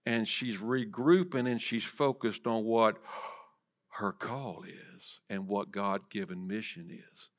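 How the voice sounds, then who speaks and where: Man preaching, loud to whispered. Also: fairly low pitch, takes it slowly. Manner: dynamic preaching, swinging from loud emphasis to soft whispers. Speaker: pastor. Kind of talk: sermon. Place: church sanctuary.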